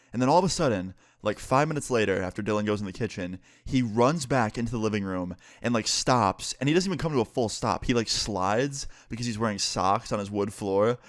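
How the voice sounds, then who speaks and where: A man's voice: fairly low pitch, dry recording, clean studio sound. A young man from New York state telling a personal story casually, acting out quoted dialogue and leaning on "like" a lot. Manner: animated retelling with lots of "like" and quoted dialogue.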